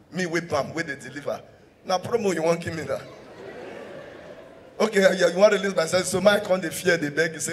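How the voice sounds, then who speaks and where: In a hall, a man with a Nigerian accent performs live stand-up, moving between English and Pidgin and laughing at his own jokes. His voice sits on the high side and he talks briskly but leaves long pauses; the live stage mic picks up hall reverb plus a little hiss or hum.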